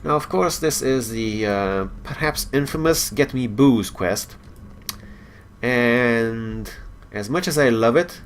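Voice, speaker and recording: A man's voice: medium pitch, gravelly, a little hiss or hum. A man hosting a casual let's play, joking and rambling as he plays. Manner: jokey and rambling, chuckles at his own jokes. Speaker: gaming channel host.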